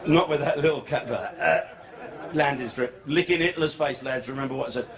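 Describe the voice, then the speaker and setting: A man's voice: medium pitch, fairly quick. A man doing a crude, swearing stand-up comedy set in a club. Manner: crude, swearing, brash storytelling. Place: comedy club stage before a laughing audience. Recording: live club recording, crowd and noise.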